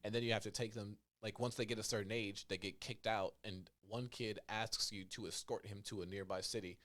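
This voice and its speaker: A young man co-hosting a casual gaming podcast, joking and mimicking characters in high voices as he rants. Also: fairly even intonation, fairly quick, a bit bright. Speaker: podcast co-host.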